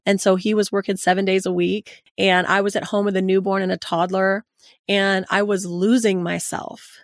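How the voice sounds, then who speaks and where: A woman's voice: mid-range voice, level tone, normal speed, dry recording, clean studio sound. A woman hosting a podcast, telling a candid and earnest personal story to her guest. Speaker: podcast host.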